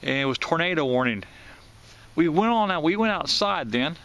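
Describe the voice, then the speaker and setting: A man's voice: a little high, lively intonation, moderate pace, a bit bright. A man in his fifties from southwest Ohio, casually telling a childhood memory, rambling with many restarts and repeated words. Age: 50s. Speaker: channel host recalling a storm. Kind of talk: casual spoken memoir.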